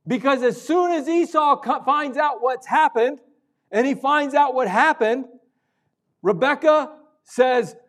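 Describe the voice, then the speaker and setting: A male pastor preaching a sermon, moving between loud urgent stretches and hushed, intimate ones. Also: very high-pitched, unhurried.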